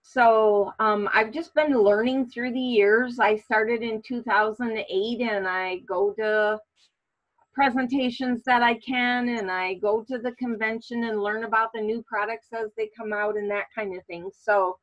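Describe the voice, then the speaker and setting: A woman hosting a casual online class, speaking in a relaxed way with many fillers. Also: fairly high pitch, measured pace, lo-fi sound. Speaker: class host.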